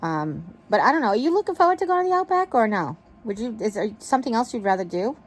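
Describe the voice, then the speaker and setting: A woman's voice: fairly high pitch, big pitch swings, fast. A woman vlogger chatting casually to her viewers from her bed in a rambling, affectionate way. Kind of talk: casual chat to camera. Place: bedroom, in bed. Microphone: wireless earbud mic.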